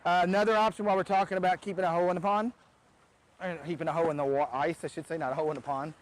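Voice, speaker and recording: A man's voice: fairly high pitch, steady tone, rapid-fire, poor audio. A man who runs a pond business giving a casual how-to demonstration outdoors beside a backyard pond, chatty and often restarting his sentences.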